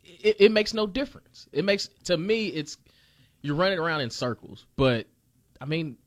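A man's voice: a little high, animated, moderate pace, no room sound. A man joining a casual sports talk show as a guest, laid-back and conversational.

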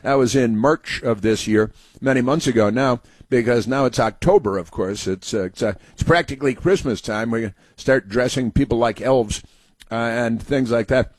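Sarcastic halting male talk host. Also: medium pitch, dry recording. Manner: sarcastic, halting with many fillers and restarts. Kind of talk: sarcastic political commentary monologue.

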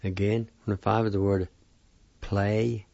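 A man's voice: fairly low pitch, level tone, vocal fry, darkish tone, no echo, lo-fi sound. A man giving a weekly radio language lesson, spelling out each word carefully and repeating it. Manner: slow, careful spelling and repetition of words.

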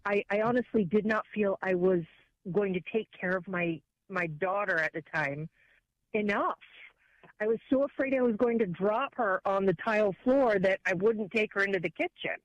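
A woman calling in to a radio talk show, speaking haltingly with many restarts. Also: mid-range voice, dry recording. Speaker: caller. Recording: phone line.

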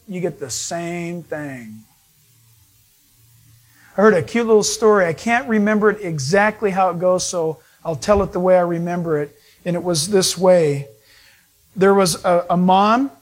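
High, animated preaching man. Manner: animated storytelling, acts out voices of people he met. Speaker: pastor. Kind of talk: sermon.

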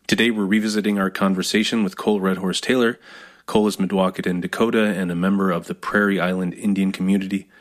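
A man hosting a radio program, reading a measured, scripted introduction and then chatting with his guest. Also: low-pitched, little pitch movement. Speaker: radio show host.

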